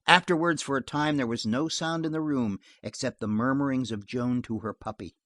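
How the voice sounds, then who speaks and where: An audiobook narrator reading a western novel aloud in an expressive storytelling manner. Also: mid-range voice, normal speed, dry recording.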